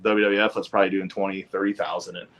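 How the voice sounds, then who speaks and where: A man's voice: low voice, level tone, fast talker, fairly bright tone. A man, a guest on a podcast, chatting casually and talking at length, piling up dates and figures.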